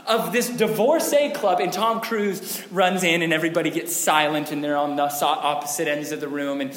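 A man preaching a sermon, telling a story with lively animation and acting out the scenes. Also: on the high side, moderate pace, long reverb tail. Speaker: pastor.

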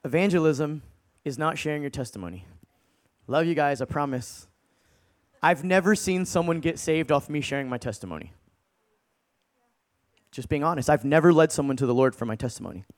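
A man in his thirties preaching a sermon, telling stories in an animated, casual way with slang. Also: on the high side, brisk, long pauses. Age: 30s.

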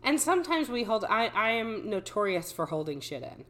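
A podcast co-host chats casually into a studio microphone, telling animated stories, laughing often and swearing casually. Her voice is medium in pitch and her speed is normal.

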